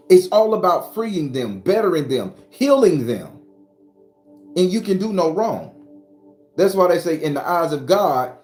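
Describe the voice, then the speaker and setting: This spiritual advisor's voice is a bit high with a darkish tone. As the channel's host, he preaches emphatically and with profanity in a preacher-style rhythm, while the roomy echo and faint music carry on behind him.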